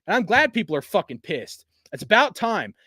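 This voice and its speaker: A man hosting a fan channel, delivering a heated, profane, slangy sports rant at a fast clip. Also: high-pitched, very animated, bright, forceful tone, no echo, studio quality. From US West Coast. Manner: heated, cursing, rapid-fire, slangy.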